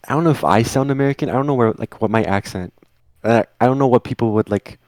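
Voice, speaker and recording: A man's voice: mid-range voice, fast, a little mellow, dry recording. A young man who is not a native English speaker, chatting casually as a podcast co-host and rambling with lots of fillers and restarts. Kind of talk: casual chat.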